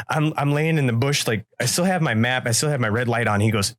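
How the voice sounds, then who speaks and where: A man's voice: mid-range voice, sing-song, moderate pace, pauses often, pushed and bright, dry recording, clean studio sound. A man co-hosting a podcast, telling a story in loose, profane chat and acting out the quoted lines. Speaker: podcast co-host. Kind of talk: casual storytelling.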